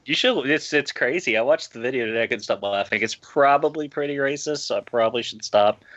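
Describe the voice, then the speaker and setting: A lowish but bright, forceful man rambles through a story on a group podcast. He breaks into chuckles. His mic sounds dull and lo-fi. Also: quick pace. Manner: rambling, laughs while telling a story. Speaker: podcast co-host. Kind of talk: casual group chat.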